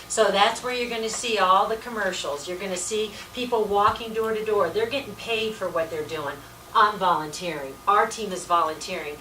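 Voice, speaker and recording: Recorded from afar in an echoey meeting room with faint hiss, a woman volunteer gives an emphatic, folksy political presentation, leaning on "let me tell you" over and over. Her voice is mid-range and fairly bright.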